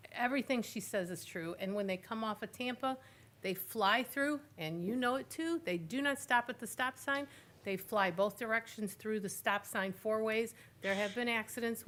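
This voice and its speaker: A woman's voice: medium pitch, fairly bright tone. A woman giving public comment at a city council hearing, emphatic and insistent, repeating her points. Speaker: resident speaking at public hearing.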